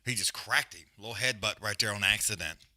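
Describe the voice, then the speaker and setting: In a dry recording, a man with a fairly low, brisk, bright and forceful voice hosts a live fight-watch stream. He rants bluntly with heavy swearing and loose slang, rambling with restarts and trailing mutters, before calling the action in a profane, casual mix of rant and fight commentary.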